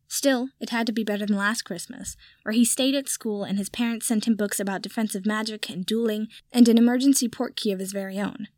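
A woman's voice: on the high side, darkish tone, no echo, studio quality. Woman reading a story aloud. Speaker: podfic reader. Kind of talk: audiobook narration of fan fiction.

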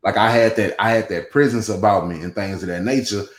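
Fairly quick and fairly low-pitched, a man rambles as a guest in a casual podcast chat, with lots of restarts, asides and "you know what I'm saying." A roomy echo surrounds his voice.

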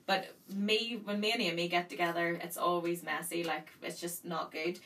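A woman in her thirties with a Northern Irish accent, telling a story in casual chat and acting out the quotes with lively energy. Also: on the low side, moderate pace. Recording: distant mic with faint noise.

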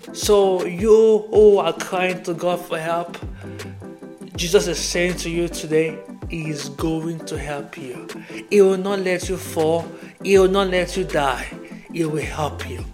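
A man preaching a devotional podcast sermon, earnest and repetitive, reading Bible verses aloud. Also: on the high side.

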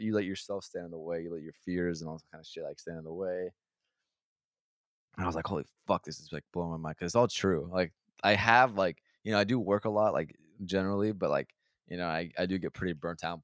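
Low-voiced profane storytelling man. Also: fast talker, no echo, clean studio sound. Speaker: podcast co-host. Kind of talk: casual storytelling chat.

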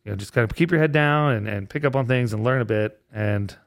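A man swaps bartending and comedy stories in a casual podcast chat. His voice sits at an ordinary middle pitch, and he rambles with restarts and laughs running through the tale. The recording is dry and close, with no room echo. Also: fairly quick.

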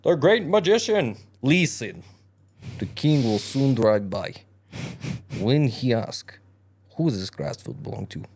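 A man's voice: medium pitch, expressive, a little slow, pauses often, darkish tone, breathy edge. A man voicing a cunning male tomcat in a put-on German accent, pleading and giving orders in a theatrical way. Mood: commanding.

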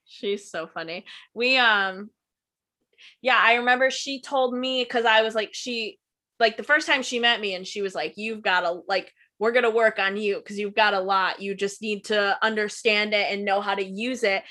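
A young woman co-hosting a casual chat, chatty and quick to laugh. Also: medium pitch, fairly even intonation, bright, forceful tone. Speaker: podcast co-host.

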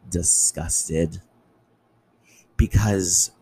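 A man's voice: deep voice, expressive, moderate pace, slight background noise, poor audio. A young man hosting a solo podcast, ranting in an impassioned, angry way with lots of swearing. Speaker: podcast host.

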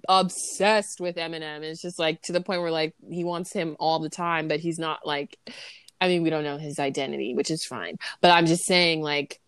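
A woman co-hosting a podcast, animated and slangy, laughing as she retells a movie scene. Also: low-pitched, normal speed, smooth, no echo, studio quality. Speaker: podcast co-host.

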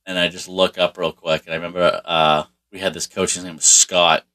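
Man, low voice, forceful, rambling profane storytelling, casual. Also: flat delivery, fairly quick. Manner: profane, rambling, heavy on swearing and fillers.

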